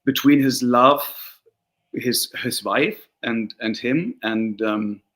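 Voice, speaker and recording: A man's voice: medium pitch, takes it slowly. A man, an actor whose first language is Turkish, chatting in a casual interview and acting out the people in his stories. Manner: animated storyteller, acts out quoted voices.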